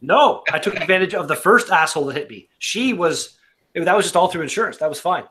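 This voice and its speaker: Man, Canadian accent, somewhat high voice, relaxed rambling anecdote, casual chat. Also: quick pace. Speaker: beer review podcast regular. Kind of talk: casual storytelling among friends.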